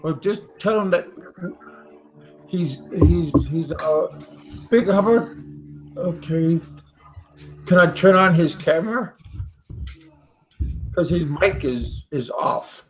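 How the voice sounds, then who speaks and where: A man's voice: fairly high pitch, slow pace, long pauses, a little hiss or hum, rough recording. An American man hosting a casual group call, giggling and mildly scolding with hesitant restarts. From United States. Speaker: livestream host.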